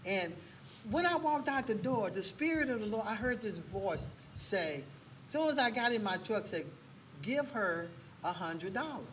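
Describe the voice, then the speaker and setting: A woman telling a faith story as a guest on a casual talk show, lively and full of church exclamations. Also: on the high side, normal speed. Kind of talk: testimony in a casual chat. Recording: distant mic with faint background noise.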